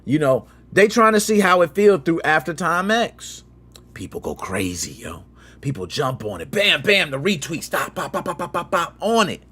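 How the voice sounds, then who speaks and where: A man hosting a gaming channel, telling a story in slangy, lively commentary and acting out quotes with sound effects. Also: fairly high pitch, moderate pace, husky.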